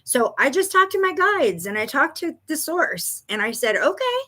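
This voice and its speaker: A woman hosting a live stream as a psychic reader, chatting in a bubbly, excited way and telling a story with laughs. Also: high-pitched, moderate pace. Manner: bubbly, excited, greeting viewers by name. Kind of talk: casual live-stream chat.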